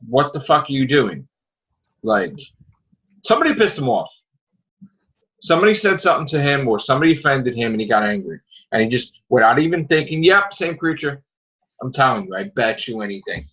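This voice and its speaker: Man, podcast co-host, heated profane rants, mid pitch, lo-fi sound. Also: fairly bright tone. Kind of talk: casual chat. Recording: dull lo-fi audio.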